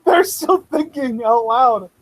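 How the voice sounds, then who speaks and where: A man co-hosting a live wrestling reaction chat, excitable, rambling and laughing often. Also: very high voice, slow pace, no room sound, rough recording. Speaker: co-host of a wrestling reaction show.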